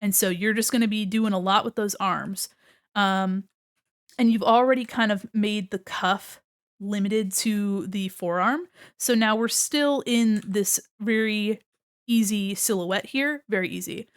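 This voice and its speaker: A woman's voice: mid-range voice, unhurried, clear, resonant tone. A woman live-streaming art critiques in a casual, chatty way. She swears casually and reads chat aloud as she draws.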